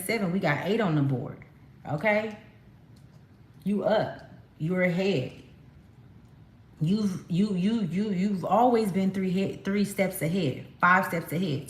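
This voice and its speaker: A woman from California giving a casual spiritual card reading, talking emphatically to her viewers in a chatty, slangy way. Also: fairly low pitch. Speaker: tarot card reader. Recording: echoey room.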